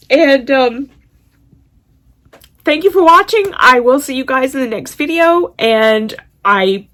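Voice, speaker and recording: A woman's voice: sits high, expressive, slow pace, fairly bright tone. A woman vlogging casually as she unwraps gifts, gushing and exclaiming often. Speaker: quilting vlogger. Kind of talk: casual vlog, unboxing gifts.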